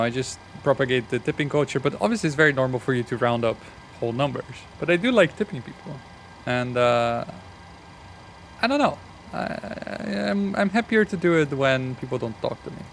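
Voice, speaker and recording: A man's voice: medium pitch, a little hiss or hum. Rambling man chatting over a game. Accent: non-American. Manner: rambling, frequent restarts and "like"; wry, laughs at his own jokes. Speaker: streamer. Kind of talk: casual gameplay chat.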